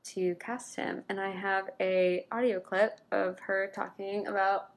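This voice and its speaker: A woman's voice: mid-range voice, flat delivery, unhurried. A woman co-hosting a podcast, chatting casually with lots of "like" fillers. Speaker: podcast co-host. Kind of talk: casual chat.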